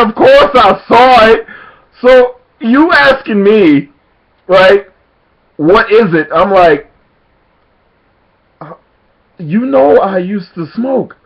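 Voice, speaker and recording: Speaking very high-pitched and taking his time, this man of Jamaican heritage chats to his camera over poor audio. His storytelling is lively, punctuated by frequent laughter and acted-out quotes.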